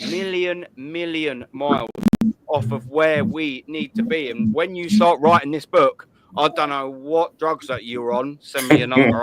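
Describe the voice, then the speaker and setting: A man hosting a live call-in stream, talking in blunt, laddish banter full of swearing. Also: fairly high pitch. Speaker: host of a call-in show. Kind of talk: casual live stream chat.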